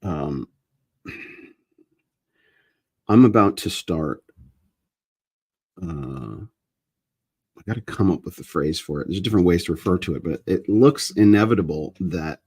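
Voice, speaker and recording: Low husky-voiced man rambling casually. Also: lively intonation, takes it slowly, long pauses, darkish tone, dry recording. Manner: meandering, self-interrupting, restarts sentences. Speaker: host of a live chat stream. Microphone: handheld microphone he moves around.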